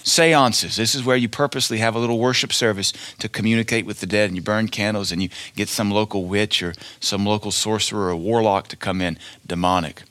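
A man's voice: fairly low pitch, steady tone, fairly quick, few pauses, fairly bright tone, no room sound. A male preacher giving a fiery sermon, blunt and scornful, hammering each point with emphatic declarations.

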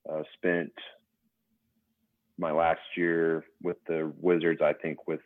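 Man, very low voice, relaxed storyteller, tinny phone-like line. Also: takes it slowly, dry recording. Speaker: guest, former pro basketball player. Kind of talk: casual podcast interview.

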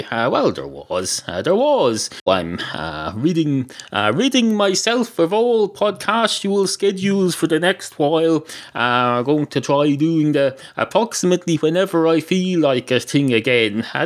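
A man hosting a podcast, improvising a rambling comic monologue full of hesitations and tangents. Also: a little high. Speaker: podcast host.

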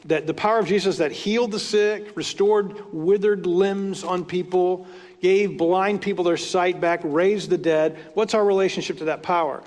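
Pastor, male, high voice, chatty sermon delivery with asides, long church-hall reverb. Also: steady tone, moderate pace, a little mellow. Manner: conversational, retells scripture stories with asides.

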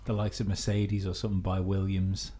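A man's voice: deep voice, monotone, fairly quick, mellow. A man co-hosting a casual chat, making blunt, dry jokes. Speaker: podcast co-host.

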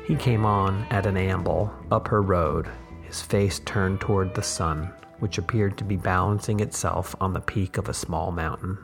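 A man, the host, reading a short story aloud in measured, unhurried scripted narration. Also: low-pitched, fairly even intonation, creaky, soft background music.

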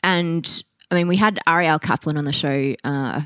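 A woman hosts a casual podcast chat, her voice sitting low for a woman. She keeps things upbeat and chatty and laughs easily. The sound is dry and close. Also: normal speed, a bit bright, clear, resonant tone, no room sound. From Australia. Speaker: podcast host and coach.

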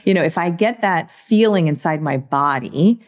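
A woman's voice: fairly low pitch, lively intonation, moderate pace, lo-fi sound. A woman speaking as an interview guest, talking in an earnest, reflective way with many "you know"s and "right"s. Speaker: guest, author. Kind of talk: casual interview talk.

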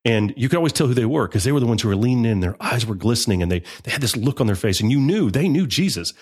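A man with a husky voice talks at a quick clip, recounting his mission work as an interview guest. He piles up emphatic repetitions and often restarts his sentences. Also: mid-range voice, animated, a little mellow. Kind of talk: conversational interview testimony.

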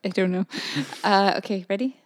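A woman's voice: mid-range voice, steady tone, normal speed, dry recording. A woman co-hosting a podcast, teasing in a dry way and reading a listener's letter aloud steadily.

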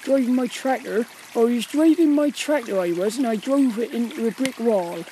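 A speaker putting on a rustic Cornish farmer voice, loud and rambling. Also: medium pitch, moderate pace, slight background noise, lightly acted, poor audio. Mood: comic. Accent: put-on Cornish.

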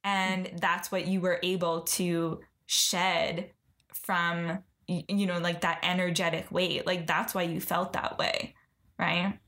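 A woman's voice: fairly low pitch, flat delivery, slow, fairly bright tone. A woman podcast host and coach on a video call, speaking in an affirming way and often closing her points with "right?". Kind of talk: casual conversation.

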